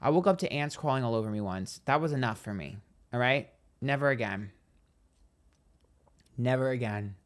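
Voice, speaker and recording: A man hosting a psychic livestream, telling stories in a sassy, dramatic, profane way, speaking quietly on a train. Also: medium pitch, animated, quick pace. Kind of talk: casual livestream chat.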